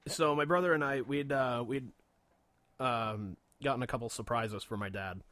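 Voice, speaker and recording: A man's voice: mid-range voice, moderate pace, fairly bright tone, slight background noise. A man co-hosting a radio show, telling a long story in a casual, rambling way, with frequent swearing and fillers.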